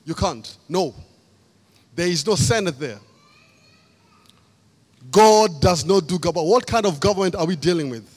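A man from Kenya with a slightly high voice preaches a sermon in a church hall. He hammers his points home by repeating key phrases. His voice rings with a long hall reverb. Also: animated, normal speed, long pauses, darkish tone.

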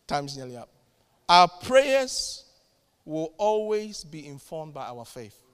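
A man pastor preaching a sermon in a church, fervent, with sudden loud peaks and quiet asides. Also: on the high side, very animated, slow pace, smooth, big-room sound.

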